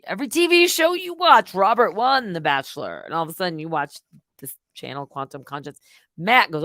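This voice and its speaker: A middle-aged woman hosting a live stream, rambling casually and swinging between loud outbursts and muttered asides. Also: fairly low pitch, lively intonation, brisk, no echo, studio quality.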